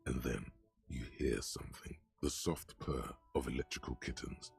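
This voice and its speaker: A man voicing the brooding second-person narrator of a detective game, with a gravelly voice and slow, ominous delivery. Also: extremely low pitch, faint music behind, heavily acted.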